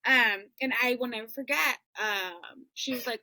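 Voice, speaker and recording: A woman with a bright, forceful voice sitting slightly high, recounting a story to a co-host. Her talk is loose and conversational, filled with "like" and "um" as she works through the details. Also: a little slow, few pauses, poor audio. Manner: chatty, full of "um" and "like", retelling an emotional family story. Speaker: podcast host. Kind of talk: casual storytelling chat.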